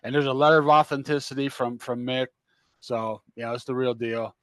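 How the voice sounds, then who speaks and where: A man's voice: mid-range voice, fairly even intonation, normal speed, a bit bright, clean tone. An older man co-hosting a casual podcast, easygoing and agreeable as he shares facts and details. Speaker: podcast co-host. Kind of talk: casual chat.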